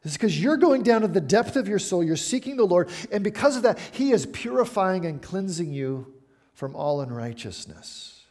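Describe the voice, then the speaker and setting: A middle-aged man delivers a sermon in an easygoing, conversational way, tossing questions to the room. His voice sits a little high and swings widely in pitch as he preaches. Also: moderate pace. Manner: animated, conversational preaching with asides to the congregation. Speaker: pastor.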